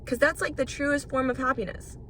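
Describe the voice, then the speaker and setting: Bright-voiced chatty young woman podcaster. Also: high-pitched, steady tone, a little fast, a little hiss or hum. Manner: chatty and rambling, swears freely. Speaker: podcast host. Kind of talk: casual solo podcast monologue.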